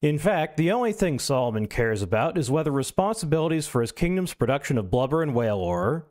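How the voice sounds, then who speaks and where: A man's voice: fairly high pitch, sing-song, a little fast, darkish tone. A male streamer reading an essay aloud, breaking in with wry, self-mocking asides.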